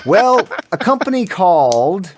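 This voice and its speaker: A man's voice: sits high, very animated, measured pace. A man hosting a casual gaming podcast, reading news items aloud and riffing on them with his co-hosts. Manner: reads news items, then riffs. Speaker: podcast host.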